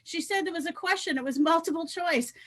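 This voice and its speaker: A woman's voice: very high voice, brisk, a bit bright. A woman hosting a comedy live stream, introducing comics in a bubbly, cheering way. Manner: bubbly, cheering, laughs a lot. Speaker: comedy show host. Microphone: video call.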